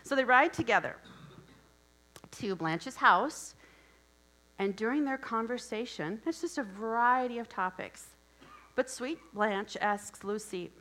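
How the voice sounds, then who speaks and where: A woman's voice: medium pitch, lively intonation, measured pace, long pauses, sharp tone, low-quality recording. A woman from Wisconsin giving a sermon, telling a story conversationally with asides and questions to listeners. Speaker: preacher.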